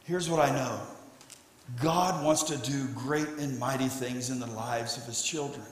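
A man preaching a sermon as pastor, with an emphatic delivery that swells to shouting on key lines. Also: fairly high pitch, fairly even intonation, moderate pace. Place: church sanctuary. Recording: echoey hall.

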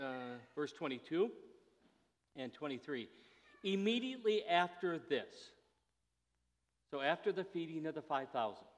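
A man giving a conversational sermon as a pastor, his delivery rising to emphatic moments. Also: fairly high pitch. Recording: long hall reverb.

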